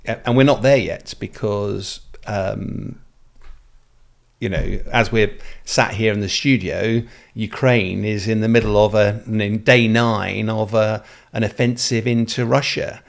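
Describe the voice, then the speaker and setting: A man with a low, gravelly voice hosts a studio podcast. He asks long, thoughtful questions that wander, and he hesitates with fillers as he goes. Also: steady tone, slow pace. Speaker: podcast host. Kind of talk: casual podcast interview.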